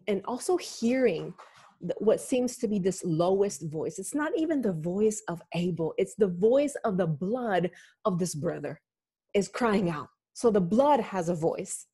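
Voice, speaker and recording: A woman pastor leading a lament, speaking slowly, deliberately and gravely. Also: mid-range voice, dark tone. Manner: slow, deliberate, grave and earnest. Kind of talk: slow reflective spoken sermon and prayer.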